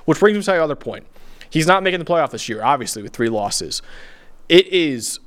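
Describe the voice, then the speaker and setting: A man's voice: a little high, lively intonation, fast talker, a bit bright. A man co-hosting a sports podcast, arguing his points emphatically and repeating them for effect. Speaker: podcast co-host, analyst. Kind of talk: animated sports debate.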